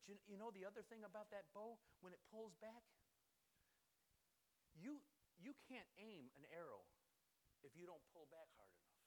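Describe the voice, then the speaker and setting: A male pastor delivers a sermon in a high voice, moving through stories with animated energy and frequent restarts. A faint hiss sits under the recording. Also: normal speed, long pauses. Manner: animated storytelling with frequent restarts and repeated words.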